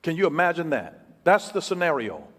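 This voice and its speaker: Brief: male preacher, high and lively voice, emphatic repeats, long hall echo. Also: brisk, husky. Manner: emphatic, repeats key phrases, swings from loud to hushed. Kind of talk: sermon.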